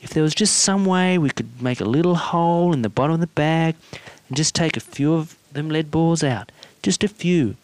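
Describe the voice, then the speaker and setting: A woman's voice: low voice, moderate pace, darkish tone, dry recording, voice pushed up, close to an everyday voice. A man putting on a doting simple housewife. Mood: pleading. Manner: pleading, sweet, uncertain. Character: fretful middle-aged housewife, simple and doting.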